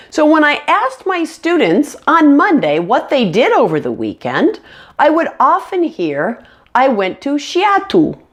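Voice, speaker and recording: Slow, lively woman teaching pronunciation. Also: a little high. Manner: slow, clear modeling of words for learners to repeat. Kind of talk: online pronunciation lesson. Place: indoors, on camera.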